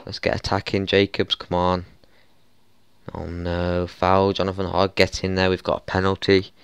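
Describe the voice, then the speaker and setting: A young man narrates his football management save in a lowish, smooth voice, recorded dry and close at a desk mic. He grumbles, swears and breaks into exasperated yells at his players. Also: completely flat delivery, moderate pace, no echo. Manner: frustrated, swearing, exasperated outbursts. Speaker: gaming YouTuber. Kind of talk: football management let's play commentary.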